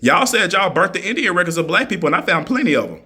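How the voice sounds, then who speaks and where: A man's voice: high-pitched, big pitch swings, quick pace, pushed and bright, slightly rough. A man in a heated monologue, answering critics in an argumentative, mocking way and repeating his points for emphasis. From United States.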